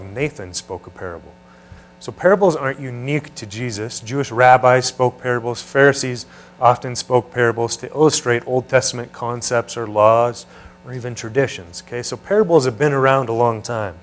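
A man preaching a teaching sermon in a conversational way, often asking his listeners questions. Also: mid-range voice. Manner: conversational, asks the room questions. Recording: mains hum behind voice.

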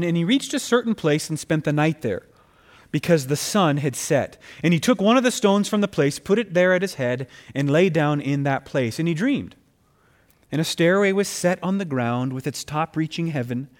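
A man with a high-sitting voice preaches a sermon, reading scripture aloud and pressing his points with rising emphasis. He addresses his listeners as friends.

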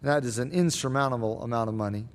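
A man answering Bible questions as a pastor, explaining scripture in a measured, teaching way. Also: mid-range voice.

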